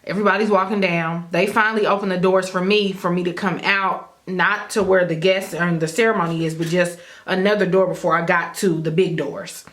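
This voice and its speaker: A woman telling viewers a personal story in a casual, animated way, speaking straight to them and acting out her own thoughts along the way. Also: lowish voice, a little fast, hardly any pauses.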